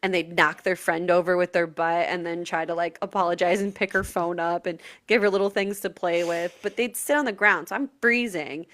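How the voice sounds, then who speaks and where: A woman's voice: fairly low pitch, fairly even intonation, brisk, hardly any pauses, a bit bright. A young woman co-hosting a casual podcast chat, joking about herself in a playful way and laughing often. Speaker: podcast co-host.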